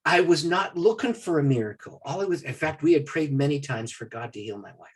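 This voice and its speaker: A man's voice: a little high, brisk, breathy edge. A man, a pastor, telling a long personal story in a podcast interview and acting out what the other people in it said. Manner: animated storyteller who acts out what others said.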